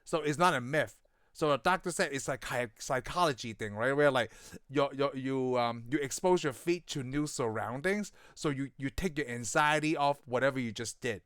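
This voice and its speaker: A middle-aged man chats casually about a favorite movie, laughing often and running loose and excitable. His voice is smooth and resonant, recorded close and dry with no room sound. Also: medium pitch, normal speed, no room sound. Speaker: podcast co-host.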